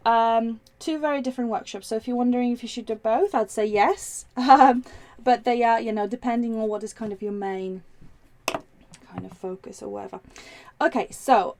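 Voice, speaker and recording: A woman's voice: fairly high pitch, darkish tone. A woman hosting a live craft demo, chatting in a rambling way with many ums and restarts, reading out viewer comments as she works. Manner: reads viewer comments aloud while working.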